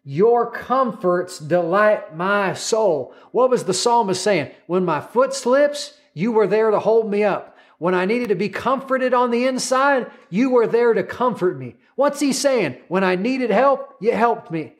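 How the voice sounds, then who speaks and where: High-voiced emphatic male preacher. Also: animated, measured pace, hardly any pauses. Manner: emphatic, repetitive, calls congregation to repeat. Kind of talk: sermon.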